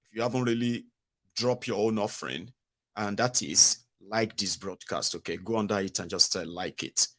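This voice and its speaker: A man's voice: on the low side, moderate pace, fairly bright tone. A man with a Nigerian accent hosting a casual online political commentary show, chatty and mixing in Pidgin asides.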